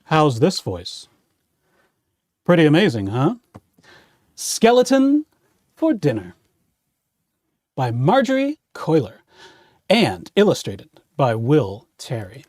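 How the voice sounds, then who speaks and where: A man's voice: on the high side, huge pitch swings, takes it slowly, pauses often, a little mellow, no echo, studio quality. A man hosting a children's storytime as a playful vampire count, reading a picture book aloud. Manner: playful, theatrical vampire host. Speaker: children's librarian playing a vampire count host.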